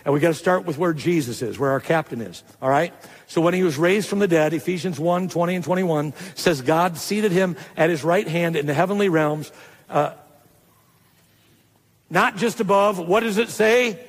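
A male pastor preaching a sermon to a live congregation, getting excited as he goes. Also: fairly high pitch, moderate pace, long reverb tail. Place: church hall.

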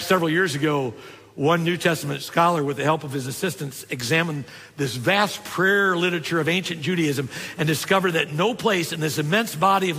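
An older man preaches in a relaxed, storytelling way, his slightly high, bright voice sinking low and quiet when he turns tender. The sound rings with the long reverb of a large hall. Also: gravelly, slightly rough. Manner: conversational storytelling preaching, drops low and soft for tender points. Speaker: pastor. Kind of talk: sermon.

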